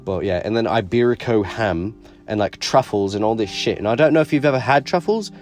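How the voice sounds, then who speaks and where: A man's voice: lowish voice, animated, brisk, a little mellow, soft background music. A man co-hosting a podcast in casual chat, rambling and swearing a lot while putting on a British accent. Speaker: podcast co-host.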